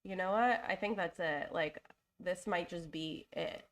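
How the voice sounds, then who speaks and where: A young woman with a lowish voice talks at a measured pace as she hosts a live design stream after a cold. Chatty and casual, she thinks out loud with fillers and corrections, openly showing emotion and apologizing.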